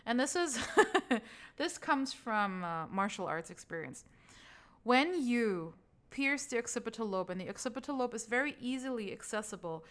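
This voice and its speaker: In a recorded lecture on the anatomy of the brain, a woman who teaches trauma healing speaks at a normal speed in a voice on the high side. Her relaxed, conversational style includes laughing off her own mistakes.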